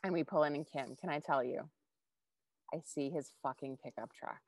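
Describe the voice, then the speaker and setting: Low-voiced woman telling a candid story. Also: moderate pace, slight background noise. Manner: animated, candid, swears freely. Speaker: podcast co-host. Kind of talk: casual chat, personal storytelling.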